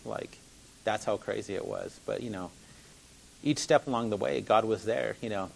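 A man's voice: lowish voice, moderate pace, creaky, low-quality recording. A man telling a personal faith testimony in an earnest, rambling way, full of fillers and restarts.

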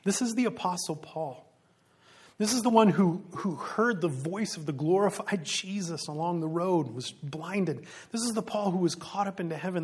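A man's voice: high-pitched, husky. A man preaching a sermon in an earnest, conversational way, asking rhetorical questions and chuckling now and then. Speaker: pastor.

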